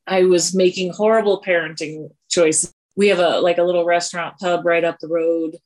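A woman's voice: lowish voice, level tone, normal speed, a little mellow. A woman in her forties from Colorado, speaking earnestly and confessionally as a podcast guest. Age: 40s. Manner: earnest and confessional, with sighs and self-deprecating laughs. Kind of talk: candid personal interview.

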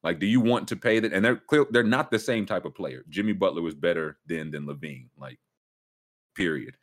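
A man's voice: low-pitched, moderate pace. A man hosting a casual sports talk show, talking loosely and slipping into mock voices. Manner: loose, animated, drops into mock voices and impressions. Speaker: podcast host.

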